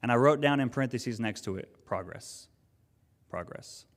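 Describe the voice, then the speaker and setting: A man's voice: medium pitch, fast talker. A man preaching a sermon, telling a personal story in an earnest, conversational way with frequent restarts. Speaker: pastor. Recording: long reverb of a hall.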